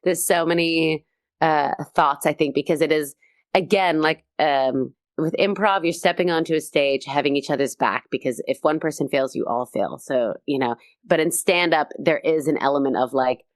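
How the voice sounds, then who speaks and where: A woman comedian chatting as a podcast guest, telling animated stories and acting out quotes, swearing freely. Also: low voice, moderate pace, no room sound, clean studio sound. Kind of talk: casual podcast chat.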